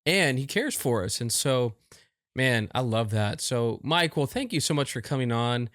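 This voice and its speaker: A man's voice: medium pitch, animated, moderate pace, a bit bright, no echo, clean studio sound. A man hosting a podcast, reflecting and affirming his guest in casual chat. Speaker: podcast host.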